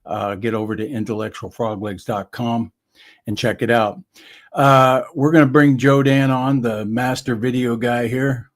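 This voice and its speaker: A laid-back man who hosts a live stream. He speaks at a middle pitch in an easygoing voice and often answers with short agreeing replies. The tone is casual, conversational and unhurried. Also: steady tone. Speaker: cartoonist and show host.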